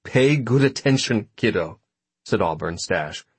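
A man's voice: lowish voice, lively intonation, measured pace, breathy edge, dry recording, exaggerated voice. A man doing a sardonic joking man. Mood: chiding.

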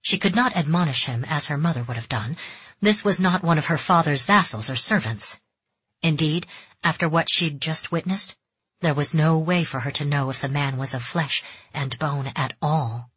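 A woman narrating a dark fantasy audiobook in measured, tense storytelling. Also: low-pitched, breathy edge, no echo. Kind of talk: scripted narration. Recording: dull, dry close recording.

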